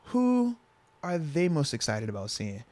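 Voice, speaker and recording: A man hosting a casual sports podcast, relaxed and slangy, talking into a lapel mic. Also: on the high side, unhurried, no echo. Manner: laid-back, slangy, says "bro" and "man". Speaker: podcast host.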